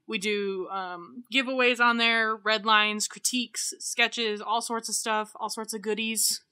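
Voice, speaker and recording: A young woman co-hosting a podcast in casual chat, playful and teasing, quick to laugh. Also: a little high, steady tone, bright, forceful tone, clear, resonant tone. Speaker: podcast co-host.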